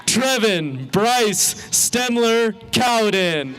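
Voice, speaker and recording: Man, announcer, reading graduates' names, measured delivery, outdoor ceremony. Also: sits high, big pitch swings, fairly bright tone. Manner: measured, pronounces each name carefully. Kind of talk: slow, deliberate name reading.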